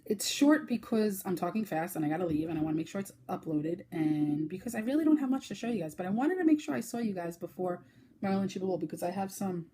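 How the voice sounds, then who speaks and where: A woman's voice: animated, warm tone, a little hiss or hum. Chatty woman hosting a craft podcast. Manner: chatty, fast-talking, with fillers and sudden high baby-talk bursts. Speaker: podcast host. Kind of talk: casual crochet podcast chat.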